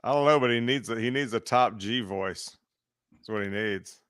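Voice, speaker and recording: Bright-voiced, wry male co-host. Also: medium pitch, moderate pace, clear, resonant tone, no room sound. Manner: wry, joking. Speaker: podcast co-host. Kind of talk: casual banter.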